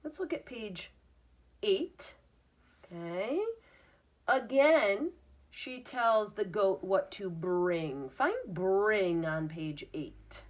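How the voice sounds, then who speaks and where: A woman's voice: medium pitch, lively intonation, very slow. A woman teacher reading a picture book aloud to young children, patiently explaining words and sounding them out. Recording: dull lo-fi recording.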